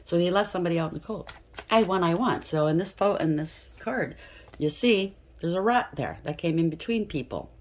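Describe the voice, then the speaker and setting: Woman, tarot reader, casual reading, low pitch, breathy rasp, blunt, curses. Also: expressive, a little fast, darkish tone. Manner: blunt and profane, with emphatic repetition.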